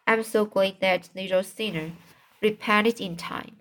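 A woman voicing an earnest young woman who speaks gently but firmly in a storybook reading. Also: medium pitch, fairly even intonation, unhurried, natural voice.

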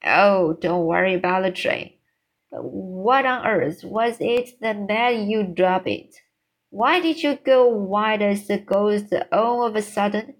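A woman reading the part of a composed, dignified older lady, crisp and formal. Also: mid-range voice, expressive, slow pace. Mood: concerned.

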